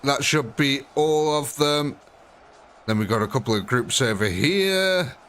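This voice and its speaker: A man's voice: mid-range voice, lively intonation, measured pace, fairly bright tone, a little hiss or hum. A man commentating a live strategy game, chatty and thinking aloud, often talking straight to the units on screen. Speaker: gaming streamer.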